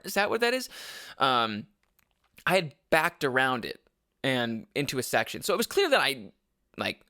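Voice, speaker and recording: A man's voice: mid-range voice, pushed and bright, clear, resonant tone, no echo, studio quality. A man hosting his own podcast, telling a road-trip story casually, rambling with restarts and swearing freely. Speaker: podcast host.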